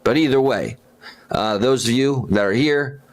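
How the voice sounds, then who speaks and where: A man hosting a casual livestream, rambling and gushing with halting restarts as he talks to his viewers. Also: medium pitch. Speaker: livestream host.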